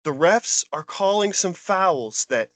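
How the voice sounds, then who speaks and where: Brief: male podcast co-host, high voice, dry close sound, fired-up exasperated ranting. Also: animated, takes it slowly, fairly bright tone, no echo. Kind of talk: heated sports rant.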